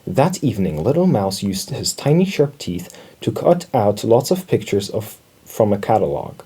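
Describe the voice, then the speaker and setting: A man reads a children's storybook aloud with an expressive, lively delivery. His voice is mellow and warm in tone, with a slightly husky edge. He moves his pitch around a lot to tell the story. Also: normal speed. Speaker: storybook reader. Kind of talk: reading a children's book aloud.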